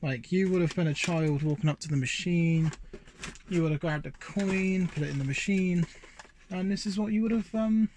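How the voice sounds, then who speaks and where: A man's voice: high voice, moderate pace, darkish tone, a little hiss or hum. Chatty man showing off his collection. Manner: chatty and rambling, many fillers and asides. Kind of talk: casual show-and-tell vlog. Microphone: handheld phone.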